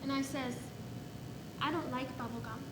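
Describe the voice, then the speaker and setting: An actress playing a frustrated little girl telling a story in a stage monologue, rising to shouting and crying. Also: high voice, steady tone, moderate pace, natural voice. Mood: storytelling. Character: small girl, frustrated and put-upon. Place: echoey theater stage. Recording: echoey stage recording with background noise.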